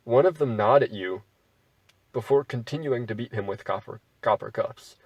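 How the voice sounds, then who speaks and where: A man's voice: mid-range voice, moderate pace, breathy edge, no echo, distant mic, poor audio. A man reading an AI text adventure aloud and adding wry, bemused asides as he plays. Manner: wry, bemused asides between read-out passages. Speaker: gamer playing an AI text adventure.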